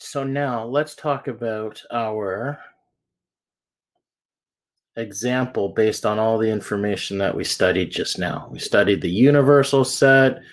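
Guy teaching math real slow, patient, keeps saying okay? right?, regular mid voice. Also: medium pitch. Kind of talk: classroom lesson walkthrough.

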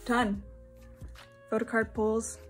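A young woman from Singapore chatting excitedly at home while unboxing, gushing and laughing often. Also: a little high, slow, music in the background. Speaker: unboxing vlogger. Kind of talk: excited casual unboxing chat.

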